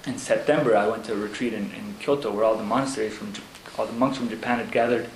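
A man, a Zen monk, talking casually about monastery life, halting with fillers and laughing as he tells stories. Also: lowish voice, steady tone. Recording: echoey room with background noise.

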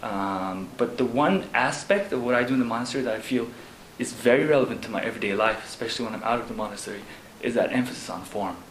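A man's voice: medium pitch, a bit bright. Monk guy chatting, lots of ums, laughs mid-story, roomy echo and noisy background. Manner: halting, many fillers, laughs while telling stories. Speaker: Zen monk. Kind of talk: casual talk about monastery life. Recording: echoey room with background noise.

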